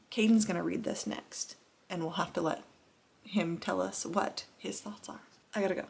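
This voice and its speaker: A woman's voice: mid-range voice, husky. A woman in her thirties talking casually in a reading vlog, chatty and gushing, with laughs and sighs. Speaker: book vlogger.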